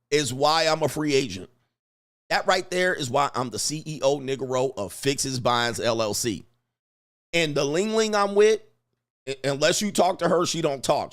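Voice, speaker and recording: Animated slangy man hosting a livestream. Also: fairly high pitch, moderate pace. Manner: animated, laughing, slangy, reads chat aloud. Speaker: livestream host. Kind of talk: casual livestream storytelling.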